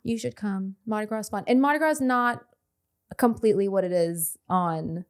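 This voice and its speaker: A woman from New Orleans with a light New Orleans accent, a chatty, animated storyteller in a casual podcast chat. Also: medium pitch, moderate pace, smooth. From New Orleans, Louisiana. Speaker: guest actress.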